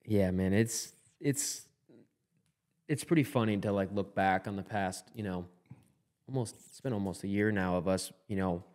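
Male podcast co-host, lower pitch, blunt and driven, casual talk with cursing. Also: darkish tone. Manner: fired-up, blunt, swears freely. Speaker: podcast co-host, former player and college coach.

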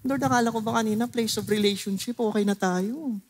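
A man's voice: high voice, steady tone, quick pace, voice pushed up. A Filipino-accented man voicing a remorseful grown fisherman disciple who pleads and reproaches himself.

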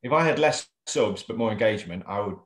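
A man's voice: lowish voice, animated, fast, echoey room. An English man co-hosting a casual chat, talking readily with frequent restarts and easy laughs. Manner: chatty, laughs easily, restarts often. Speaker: co-host of a collectors' chat show. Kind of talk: casual video-call chat.

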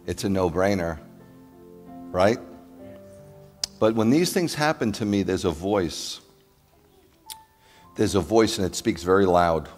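A man's voice: sits low, long reverb tail. A man preaching a sermon to his congregation as their rabbi, speaking conversationally and pressing listeners with emphatic repeated questions.

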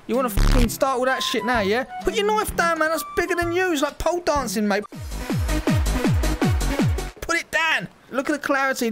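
A woman with a high, bouncy voice that swings all over the place, trading crude, sweary jokes with the characters in a VR game. She talks into a headset, and loud music plays behind her the whole time. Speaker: VR gameplay streamer. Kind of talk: chaotic gameplay commentary. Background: loud background music.

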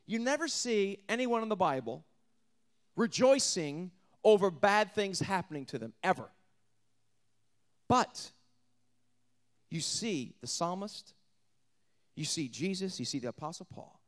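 Animated preacher, man with lively pitch. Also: moderate pace, pauses often. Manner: animated, dramatic swings between loud emphasis and hushed delivery; repeats words when restarting. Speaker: pastor. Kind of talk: sermon.

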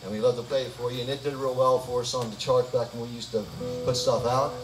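Guitar music plays as a man fronting a live gospel concert in a church hall, singing and leading the band, tosses out folksy jokes between songs. He speaks fast in a steady, mid-range voice, captured from far off with roomy live hall acoustics.

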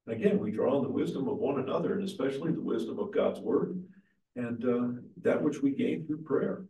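A man who is a pastor leading an adult church class, speaking in a measured, explanatory way and putting questions to the group. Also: mid-range voice, animated, vocal fry, mellow. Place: church meeting room. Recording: echoey room, mic far off.

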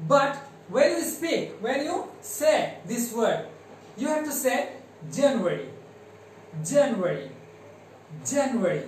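A man with a Bangladeshi accent teaching English to primary pupils, slowly spelling words letter by letter and drilling their pronunciation. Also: extremely high pitch, big pitch swings, very echoey, recorded from a distance, a little hiss or hum, low-quality recording. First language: Bengali. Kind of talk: classroom lesson.

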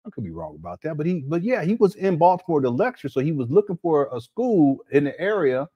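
A man's voice: on the high side, very animated, fast talker, husky, dull audio. A man hosting a casual reaction commentary, talking while eating, with joking, mocking asides. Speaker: commentary channel host.

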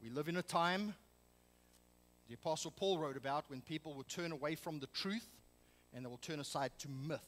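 A man's voice: a little high, normal speed, a bit bright, long reverb tail, poor audio. A man preaching a sermon as pastor, emphatic and full of rhetorical questions. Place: church sanctuary.

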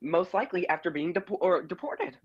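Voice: mid-range voice, expressive, a little fast, slightly rough, dry recording. A caller giving a casual, blunt and opinionated rant about reality TV, scolding the cast members directly. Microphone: phone or online call-in. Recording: muffled call-in line.

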